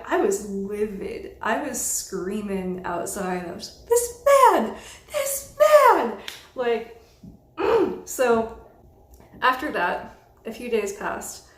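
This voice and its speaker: A young woman vlogger telling a storytime about a bad roommate, exasperated and animated, swearing freely. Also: mid-range voice. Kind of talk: casual storytime monologue. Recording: roomy echo.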